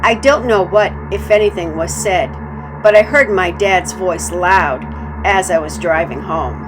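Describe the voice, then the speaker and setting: A woman narrating a scripted true-life story in a calm, measured reading voice. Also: lowish voice, music in the background.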